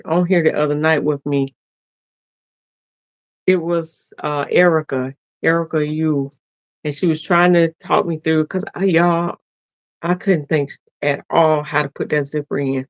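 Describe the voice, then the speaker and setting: A woman's voice: low-pitched, fairly even intonation, measured pace, long pauses, dry recording. A woman hosting a casual sewing live stream who chats and laughs with her viewers, speaking. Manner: chatty, laughing, talks to viewers directly.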